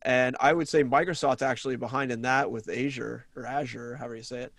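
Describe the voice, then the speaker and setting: A man's voice: medium pitch, quick pace, fairly bright tone, dry recording. A man co-hosting a podcast, musing and hesitant as he chats. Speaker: podcast co-host. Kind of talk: casual chat.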